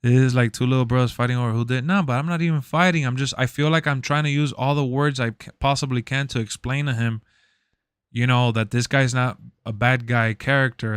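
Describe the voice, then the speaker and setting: Rambling young man streamer, clear voice. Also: medium pitch, no echo, studio quality. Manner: rambling, repeats himself, laughs a lot. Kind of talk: casual chat.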